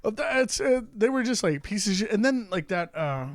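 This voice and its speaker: Guy laughing a lot in rambly casual chat, kinda high voice, dry close sound. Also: expressive, moderate pace, no room sound. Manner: laughs often, rambling with restarts. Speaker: podcast co-host. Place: apartment.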